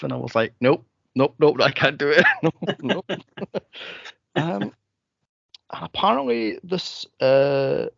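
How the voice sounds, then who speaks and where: A man co-hosts a casual podcast chat, his gravelly voice swinging widely in pitch as he laughs and mimics characters in high squeals. The recording is dull and lo-fi with a dry, close sound. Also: no room sound. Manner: animated, laughs often, acts out lines in high squeals. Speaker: podcast co-host.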